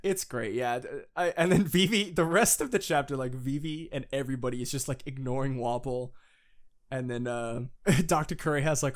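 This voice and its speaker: A young man co-hosting a casual fan podcast, excitable, laughing often and swearing as he recaps. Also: medium pitch, moderate pace. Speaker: podcast co-host.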